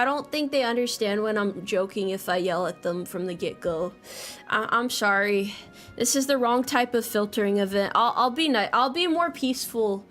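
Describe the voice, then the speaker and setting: A young adult woman streaming casually, joking and rambling with frequent swearing and quick laughs, reading chat from a home desk mic. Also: fairly high pitch, a bit bright. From United States. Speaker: VTuber streamer.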